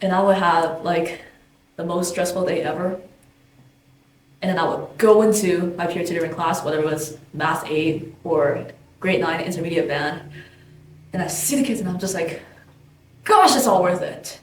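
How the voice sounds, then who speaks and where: A woman's voice: on the low side, steady tone, normal speed. A woman giving a candid, thoughtful personal reflection as a documentary interviewee. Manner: candid, thoughtful, with casual fillers. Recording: roomy distant mic. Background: soft guitar music.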